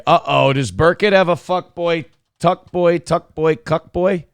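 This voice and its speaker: Speaking slowly in a slightly high, creaky yet smooth voice, this man sounds studio-quality with no room sound. He's sick and cranky while hosting a live morning show, delivering profane live-stream commentary and mocking people in fake voices.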